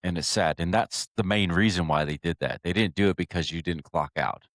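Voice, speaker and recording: Podcast host guy, real deep voice, earnest, goes on in long run-ons, dry mic. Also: brisk, fairly bright tone, dry recording. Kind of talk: interview, conversational.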